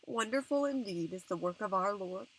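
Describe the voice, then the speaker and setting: A woman voicing a serious, thoughtful farmer father in an audiobook, speaking slowly and gravely. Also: mid-range voice, animated, fairly bright tone, poor audio. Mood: reverent.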